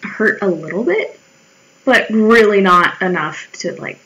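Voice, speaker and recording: While drawing, a vlogger in her twenties tells stories casually and wryly, swearing freely and acting out her own remarks in quoted voices. Her medium-pitched voice is animated, unhurried and a bit bright, though the recording is rough.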